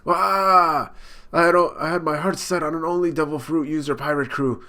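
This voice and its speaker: A man's voice: a little high, fairly even intonation, moderate pace, bright, forceful tone, voice pushed up. A man reading aloud as a huge drunken male pirate warlord, boastful and blustering, in a raised voice. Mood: raging.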